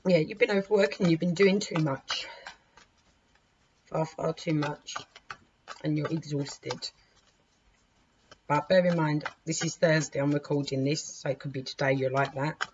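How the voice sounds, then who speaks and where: Woman, hoarse throat, chatty tarot reading, muffled sound, clear noise and ticking clock behind. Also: sits low, unhurried, long pauses. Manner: chatty, swears lightly, talks to her cards. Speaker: tarot reader.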